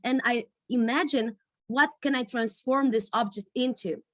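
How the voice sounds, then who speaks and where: A woman leading a storytelling workshop over a video call, searching for words with many pauses and fillers. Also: on the high side, dry recording, clean studio sound. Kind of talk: online workshop teaching.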